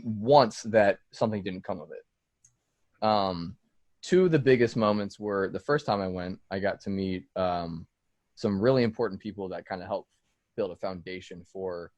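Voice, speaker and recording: A man's voice: lowish voice, no room sound. A man being interviewed as a music producer, telling stories loosely in casual podcast chat, with plenty of "like" and "dude" and free swearing. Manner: loose storytelling, swears freely, fillers like "like" and "dude".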